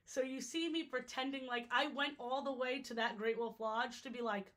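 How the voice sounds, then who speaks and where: A woman's voice: high voice, steady tone, normal speed, fairly bright tone. A young woman from New York chatting casually on a livestream, jokey and easily sidetracked, her voice a little worn out. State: slightly worn-out voice. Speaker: streamer ranking water parks.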